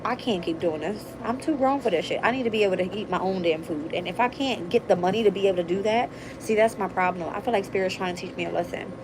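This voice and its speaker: A woman hosts a late-night livestream chat, telling stories in a blunt, profane, animated way. Her voice sits at a middle pitch. A clear hiss of noise runs under the home recording. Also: fast, hardly any pauses. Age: adult with a daughter. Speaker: tarot reader and channel host.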